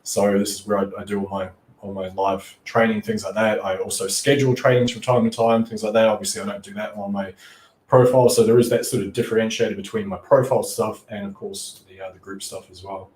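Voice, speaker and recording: A man's voice: lowish voice, little pitch movement, fairly quick, a little mellow, roomy sound. A man hosting a live stream and giving casual coaching tips in an easygoing, chatty way. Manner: easygoing and chatty, with frequent restarts and "you know".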